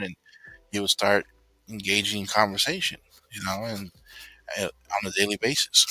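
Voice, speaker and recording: Forceful, rambling man telling a story. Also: fairly low pitch, level tone, normal speed, long pauses, no echo, low-quality recording. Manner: rambling, full of "you know" and restarts. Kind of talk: casual personal storytelling.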